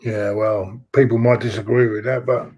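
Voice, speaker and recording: A man's voice: on the low side, little pitch movement, normal speed, a little mellow, a little hiss or hum. A man co-hosting a fan livestream, talking bluntly and swearing freely in casual chat. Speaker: co-host.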